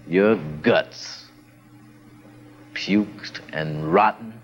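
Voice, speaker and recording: Male poet, slow dramatic recital, very lively pitch, dull lo-fi recording. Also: creaky. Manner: dramatic, swelling and dropping delivery. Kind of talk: spoken word poetry recitation.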